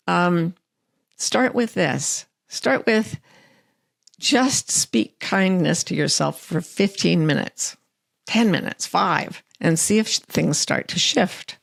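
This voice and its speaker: A middle-aged woman author speaking as an interview guest, earnest and animated as she tells stories and quotes her own self-talk. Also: on the low side, creaky, dry recording, clean studio sound. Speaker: author and life coach, guest. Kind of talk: interview conversation.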